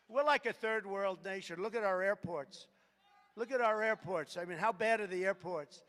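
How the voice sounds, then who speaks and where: An older man speaking at a political rally in a large hangar goes on at length, repeating himself and tossing in sarcastic remarks. His voice sits high with a fairly bright tone, and the sound is distant and echoey.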